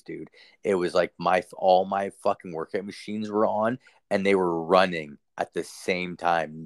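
A man's voice: sits low, dry recording. A young man casually telling a ghost story, rambling and swearing, full of fillers. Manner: profane, rambling, filler-heavy. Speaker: storyteller guest.

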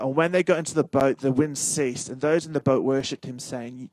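Animated pastor preaching. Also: male voice, fairly high pitch, fairly quick, hardly any pauses, dry recording, poor audio. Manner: animated preaching with repeated phrases and jokes to the congregation. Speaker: senior pastor. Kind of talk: sermon.

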